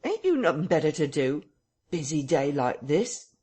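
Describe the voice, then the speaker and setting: A man's voice: on the high side, big pitch swings, normal speed, mellow, husky. A man doing a scolding village landlady.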